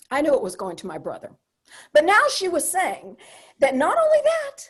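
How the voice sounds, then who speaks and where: Older woman, solo comic monologist; high, very animated pitch, wry and confiding, punchy asides. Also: husky. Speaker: solo theater performer. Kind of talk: comedic solo stage monologue.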